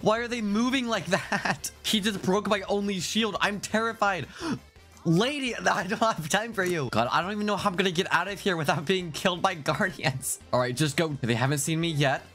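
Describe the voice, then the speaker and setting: A man giving excited, jumpy commentary over his own gameplay, laughing often and talking back to the game. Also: sits high, moderate pace, soft background music. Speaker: gaming video host.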